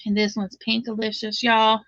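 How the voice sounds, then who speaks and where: A woman's voice: fairly high pitch, completely flat delivery, normal speed, fairly bright tone, no echo, muffled recording. A middle-aged woman with a Southern drawl, chatting casually as host of a live crochet stream, laughing often and reading viewer comments aloud.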